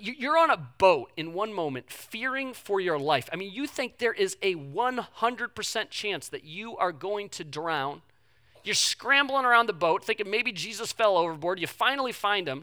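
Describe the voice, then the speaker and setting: A man preaching a sermon as a pastor, telling the story in a conversational, humorous way, moving between hushed reflection and loud, pleading questions. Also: high voice, animated, normal speed.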